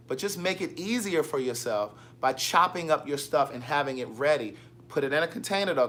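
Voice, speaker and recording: A man's voice: medium pitch, a bit bright, slight background noise. A man hosting a casual livestream, chatting and teasing as he reads viewer comments. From Maryland. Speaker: livestream host. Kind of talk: casual live chat.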